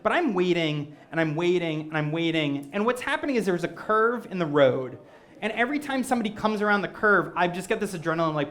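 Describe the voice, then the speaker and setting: A man performing stand-up storytelling on stage before a live audience, animated and self-mocking. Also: sits high, a little fast. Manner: animated, self-mocking, acts out quoted voices. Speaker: comedic storyteller.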